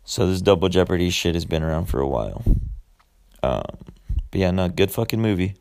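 A man with a very deep voice and a gravelly, creaky edge gives a casual movie recap. He curses constantly, rambles through fillers and side remarks, and talks like he's chatting with friends. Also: expressive, fairly quick, a little mellow. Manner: profane, rambling, heavy swearing; loose storytelling with many fillers and asides. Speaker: podcast host.

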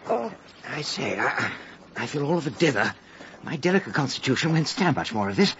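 An actor playing a nervous, excitable young upper-class man in a vintage radio drama, dithering and gushing. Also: medium pitch, brisk, slight background noise. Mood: flustered. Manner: dithering, fussy, breathless gushing. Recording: dull old radio recording.

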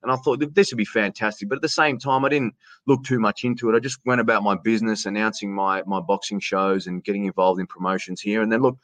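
A man's voice: fairly low pitch, steady tone, fast talker, fairly bright tone, dry recording. A man with an Australian accent, a ring announcer telling stories in a casual interview, chatty, often restarting and calling the host "mate".

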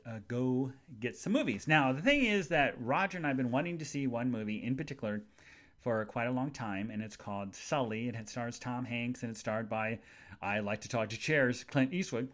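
A man's voice: mid-range voice, a bit bright. A man hosting a casual solo podcast, telling everyday stories in a chatty way with funny asides. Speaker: podcast host.

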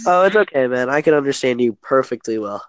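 A man's voice: mid-range voice, animated, quick pace, no room sound. A man from Kentucky with an American accent, chatting casually and rambling, often restarting his sentences. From Kentucky, USA. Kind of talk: casual chat.

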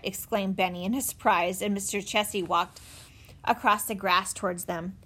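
In a storybook read-aloud, a female narrator brings a children's chapter book to life with an expressive, animated delivery. She speaks at a moderate pace in a mid-range voice.

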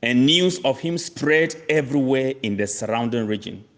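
A man preaching a sermon, reading scripture slowly and repeating key phrases for emphasis, calling his listeners friends. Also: mid-range voice, expressive. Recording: long reverb of a large hall.

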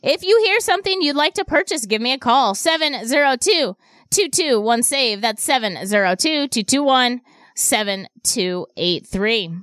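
A woman with a high, bright-sitting voice hosts a radio shopping show. She talks up local deals in a chatty, repeating patter. The studio sound is dry and close. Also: expressive, normal speed, no echo. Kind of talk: upbeat radio deal pitch. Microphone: studio microphone.

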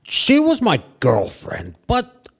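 Male comedy podcast host playing a bumbling wrestler, fairly high, bouncy voice, rambling, constant restarts. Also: huge pitch swings, takes it slowly, slightly rough. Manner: rambling, stammering, repeats words. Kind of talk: comedic in-character podcast chat.

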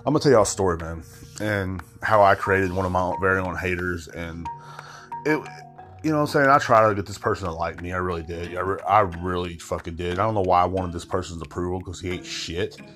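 A man in his thirties with a very low voice tells a story on his podcast. He rambles loosely, stacking swear words and "you know what I'm saying" asides. He sounds tired. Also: a little fast, fairly bright tone, faint music behind. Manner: rambling, heavy swearing, frequent filler asides. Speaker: podcast host. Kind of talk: casual storytelling monologue.

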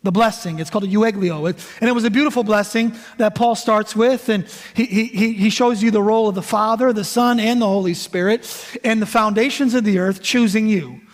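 A high-pitched man in his thirties preaches to a congregation in a casual, joking manner. His voice rings with a long reverb through a church sanctuary. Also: fairly quick. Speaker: guest pastor. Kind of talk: sermon.

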